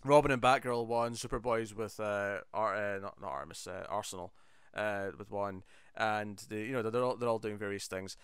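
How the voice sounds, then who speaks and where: A podcast co-host with a lowish voice chats casually about an episode at a normal pace, breaking into animated, enthusiastic bursts where he acts out quoted scenes. His voice comes across smooth and clean on a close, dry mic with almost no room sound.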